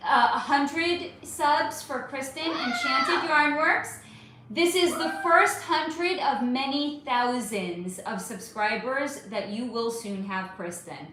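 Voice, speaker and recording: A woman's voice: high voice, lively intonation, slow pace, sharp tone. A woman hosting a live stream, chatting casually, reading viewer comments, swearing freely and calling people honey. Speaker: livestream host. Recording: very echoey room, faint background hum.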